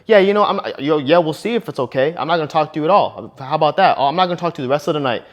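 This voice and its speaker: A man's voice: a little high, expressive, lightly acted. A man mimicking his sassy annoyed wife. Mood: snippy. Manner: snippy, rushed.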